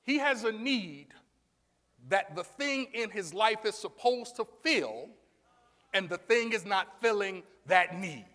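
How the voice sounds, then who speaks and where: High-voiced preacher man in echoey hall. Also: lively intonation, slow. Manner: call-and-response preaching, rising to shouts. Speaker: pastor. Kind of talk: sermon. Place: church sanctuary.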